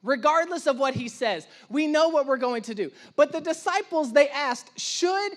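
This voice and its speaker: A young man preaching a sermon in church, telling stories in a lively, humorous way and acting out the voices of the people he quotes. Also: extremely high pitch, moderate pace. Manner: animated, acts out quoted voices, self-deprecating humor. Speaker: pastor. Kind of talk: sermon with storytelling.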